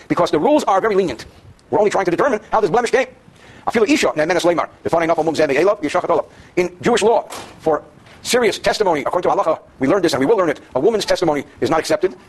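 A man's voice: high voice, lively intonation, rapid-fire, husky. A man teaching a daily class on Jewish law to students in the room. He reads Hebrew passages, then translates them and explains them with jokes. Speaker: Torah teacher.

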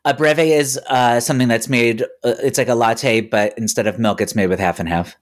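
Male podcast co-host, deadpan teasing, mid-pitched. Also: moderate pace. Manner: sarcastic, dry teasing quips. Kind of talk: casual chat.

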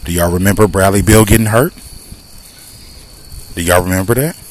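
A man's voice: lowish voice, rough recording. A man with a Southern American accent hosting a casual podcast monologue while walking outdoors near traffic, talking emphatically and firing off rhetorical questions. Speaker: podcast host. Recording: light street noise, cars passing.

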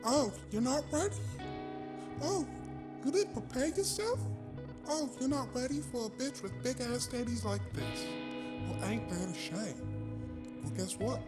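A woman voicing a brash, foul-mouthed pitchwoman who teases and pushes in a high, sassy voice. Loud music pounds behind her throughout the comedy sketch. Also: lively intonation, unhurried, long pauses. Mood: teasing. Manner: sassy, teasing, profane. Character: brash crude woman hyping a donation drive.

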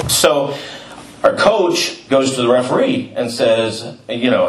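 A man's voice: mid-range voice, expressive, takes it slowly, fairly bright tone, a little hiss or hum. Middle-aged male pastor, chatty sermon storyteller, echoey hall, mic at a distance. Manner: conversational, storytelling with asides and fillers. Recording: roomy, distant mic with faint ambience.

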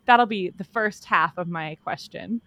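A woman co-hosting a podcast in casual chat, sarcastic and quick to laugh. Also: lowish voice, a bit bright, dry recording. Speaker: podcast co-host.

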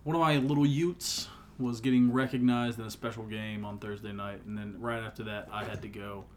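A young man co-hosting a casual podcast, playful, joking and now and then slipping into a booming announcer voice. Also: fairly even intonation, brisk, a little hiss or hum. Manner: playful, slips into a booming over-the-top announcer voice. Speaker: podcast co-host. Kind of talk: casual chat with goofy announcer bits.

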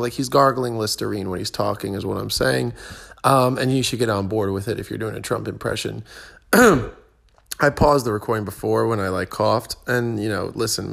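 A man's voice: lowish voice, vocal fry, a bit bright. A young adult man, a stand-up comedian, rambling through a casual solo podcast monologue with self-deprecating asides and many fillers.

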